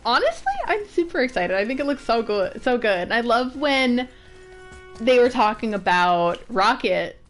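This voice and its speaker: An excitable woman with an alto voice chats through a let's-play stream and giggles between moves. Her pitch sits a touch high and bounces all over as she talks. Game music plays clearly behind her. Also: moderate pace. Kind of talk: casual let's-play commentary.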